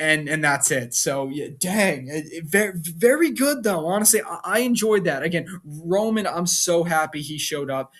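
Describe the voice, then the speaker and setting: A young man casually recapping a wrestling show, rambling and repeating words, jumping up in pitch when he acts out quotes. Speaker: wrestling reaction vlogger.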